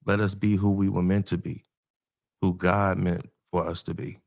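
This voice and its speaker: A man's voice: deep voice, level tone, moderate pace, gravelly, no echo, studio quality. A man hosting a casual group talk show, speaking in loose, joking slang. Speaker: podcast host.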